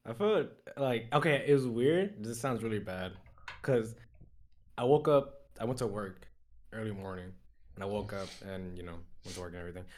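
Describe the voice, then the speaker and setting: Loud eager man calling in. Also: lowish voice, lively intonation, normal speed. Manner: loud, eager, rambling storyteller. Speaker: caller. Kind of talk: casual call-in chat.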